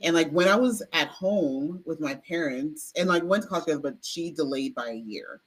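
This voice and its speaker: A young woman co-hosting a podcast in casual, chatty talk, expressive and rambling with fillers. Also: sits low, brisk, breathy edge, poor audio. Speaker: podcast co-host. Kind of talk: casual chat. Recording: faint background noise.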